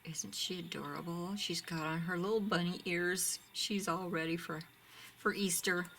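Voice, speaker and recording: A chatty woman shows off craft ribbons, gushing over each one and often sinking into a near-whisper. Her voice sits a little low, and a faint room hum runs underneath. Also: fairly even intonation, normal speed, fairly bright tone. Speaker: craft shop owner showing ribbons. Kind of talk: casual product show-and-tell.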